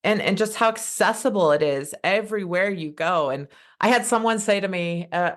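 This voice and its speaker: A woman's voice: mid-range voice, normal speed. A woman in her thirties, a podcast guest, talking passionately in casual conversation, often restarting her sentences. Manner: passionate, fired up, rambling with restarts.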